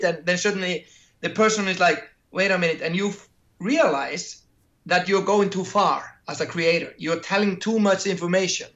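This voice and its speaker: A man's voice: sits high, moderate pace, a bit bright. A man in an interview, explaining his ideas with anecdotes, acting out imagined dialogues and often repeating words as he goes. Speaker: interviewee, creator and entrepreneur. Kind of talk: casual interview storytelling. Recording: dull lo-fi audio.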